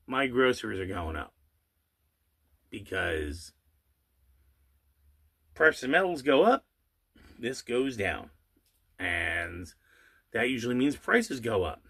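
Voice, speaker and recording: He speaks in a gravelly, sharp, mid-range voice, hosting his own channel and delivering an irate, sarcastic monologue of rhetorical questions and sporadic swearing, with some words drawled slowly for effect.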